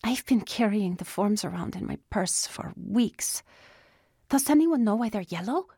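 A woman narrator voicing an anxious woman who speaks in a high, wavering voice. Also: lively intonation, unhurried, creaky, dark tone, breathy edge, dry recording, studio quality, full character voice.

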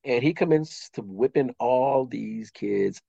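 A middle-aged man tells a story in an easy, chatty way, voicing each person in it as he goes. His voice sits at an ordinary pitch for a man, neither high nor low. The sound is close and dry, with no room echo. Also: takes it slowly, creaky, breathy edge, dull audio. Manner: animated, acts out quoted dialogue with 'I was like'. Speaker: actor and interview guest. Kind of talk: casual anecdotal storytelling.

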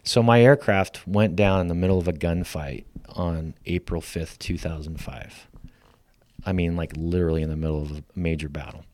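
Deep-voiced man telling a story. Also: moderate pace. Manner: lively storyteller who acts out quoted lines. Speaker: guest. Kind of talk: storytelling in casual conversation.

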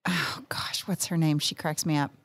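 A woman's voice: low voice, steady tone, moderate pace, fairly bright tone, no echo, in a whisper. A woman co-hosting a podcast in casual chat, easygoing, often searching for words and laughing. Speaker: podcast co-host.

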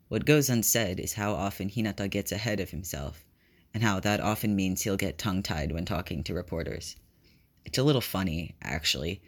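A man reads a fan-written story aloud with a very deep, low voice. His narration is steady and even, unhurried from line to line. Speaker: reader. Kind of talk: reading fan fiction aloud.

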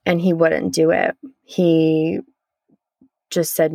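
Low voiced woman podcaster rambling thru a story, super dry mic. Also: level tone, takes it slowly, gravelly, long pauses, darkish tone, dry recording. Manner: candid, rambling with restarts. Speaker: podcast co-host, lifelong friend. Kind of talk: casual recounting conversation.

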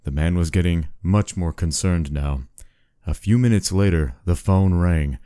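A man casually telling a spooky story and chatting, relaxed and chuckling. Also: low voice, normal speed, no echo, studio quality. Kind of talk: casual spoken story and chat.

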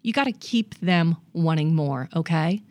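A woman's voice: low-pitched, animated, a little slow, darkish tone, no echo. A woman hosting a comedic dating advice show, coaching a guest in a brash, bossy way. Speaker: host.

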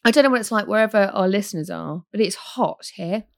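A woman with a croaky, hoarse voice, hosting a casual podcast chat in a chatty, teasing way. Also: medium pitch, fast. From United Kingdom. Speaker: podcast host.

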